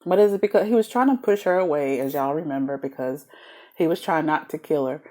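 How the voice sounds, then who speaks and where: In a fairly quick, low-sitting voice, a woman gives a casual, chatty book review. She talks animatedly, giggles often between thoughts, and uses many fillers.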